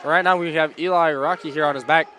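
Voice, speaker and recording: A man doing live play-by-play commentary at a school wrestling meet, excitable and rambling, often stopping to apologize. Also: a little high, fairly quick. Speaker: play-by-play announcer. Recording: loud gym crowd noise. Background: cheering crowd and shouting coach.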